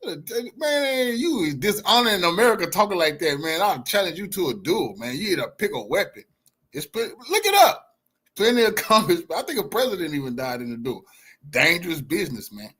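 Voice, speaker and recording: A man tears into a clip he is watching, loud and mocking, full of slang. His voice is husky and a bit high, and it swings wildly from shouts down to low mutters. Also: big pitch swings, fairly quick. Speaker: reaction streamer. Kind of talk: ranting reaction commentary.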